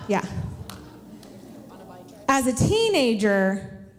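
A woman's voice: a little high, big pitch swings, very slow. A woman in her thirties teaching a church class, telling funny family stories in a chatty, self-deprecating way and asking her audience questions into a handheld mic. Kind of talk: casual storytelling talk to a church class. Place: large hall with an audience. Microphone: handheld microphone. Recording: long hall reverb.

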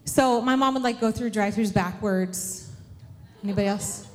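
A woman's voice: mid-range voice, normal speed. A woman in her thirties teaching a church class, telling funny family stories in a chatty, self-deprecating way and asking her audience questions into a handheld mic. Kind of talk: casual storytelling talk to a church class. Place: large hall with an audience. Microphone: handheld microphone. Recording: long hall reverb.

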